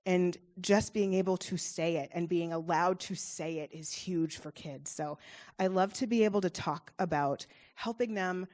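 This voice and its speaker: A woman's voice: on the low side, moderate pace, darkish tone. A woman child therapist giving an informal, encouraging talk to parents, chatty and full of fillers. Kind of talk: informal presentation.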